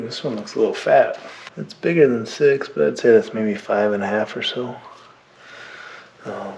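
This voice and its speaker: Young guy walking thru a diesel rebuild, slow easygoing talk, tools clanking loud in the shop. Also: on the low side, vocal fry, noisy background. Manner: thinks aloud while working, plain-spoken and relaxed. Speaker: mechanic rebuilding a diesel engine. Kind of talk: hands-on how-to narration.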